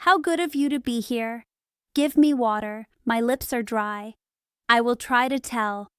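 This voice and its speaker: A woman's voice: fairly high pitch, unhurried, a bit bright, clear, resonant tone, no room sound, studio quality. A woman reading the part of a dying male asylum patient who pleads with desperate urgency, in an audiobook for English learners. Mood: urgent.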